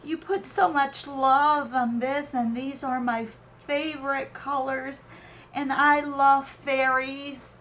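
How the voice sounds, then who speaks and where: Woman, high voice, very slow delivery, teary and gushing, opening a craft gift, faint hiss behind. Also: steady tone, a bit bright. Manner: gushing, slow and tearful with awe. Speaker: crafting channel host. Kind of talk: emotional unboxing of a craft swap gift.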